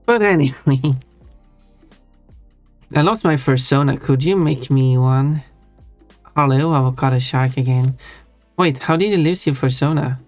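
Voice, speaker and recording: A man's voice: medium pitch, measured pace, long pauses, no echo. A man chatting casually on a stream while reading chat, rambling and often restarting his words. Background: soft chill music.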